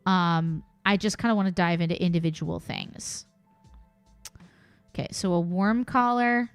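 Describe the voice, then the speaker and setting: A woman streams in an unhurried, chatty way, musing aloud and tossing in playful asides. A faint wash of music sits behind her. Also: on the low side, smooth, no echo. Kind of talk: casual live-stream commentary.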